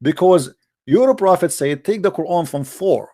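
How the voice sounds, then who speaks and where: Combative, slightly high-voiced male debate host. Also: lively intonation, moderate pace, mellow. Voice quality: non-native English phrasing. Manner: combative, mocking, repeats himself. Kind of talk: heated religious debate.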